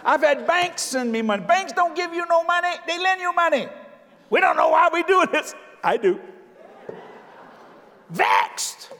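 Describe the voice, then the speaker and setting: An older man preaching a sermon, emphatic and joking, now and then breaking into shouts. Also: extremely high pitch, huge pitch swings, unhurried, long pauses. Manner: emphatic, jokey preaching with sudden shouted lines. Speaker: visiting preacher. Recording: long hall reverb.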